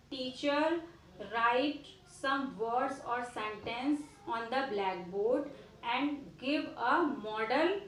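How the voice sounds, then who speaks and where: Indian english woman teacher, slow lecture, echoey room. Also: sits high, a little hiss or hum. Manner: deliberate, with frequent fillers and restarts, addressing students. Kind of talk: classroom lecture.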